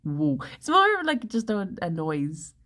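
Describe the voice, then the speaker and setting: A woman's voice: medium pitch, wildly swooping pitch, measured pace, pushed and bright. A woman in her thirties with an English accent, chatting casually and playfully with stream viewers, giggling often. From England. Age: 30s. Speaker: livestreamer.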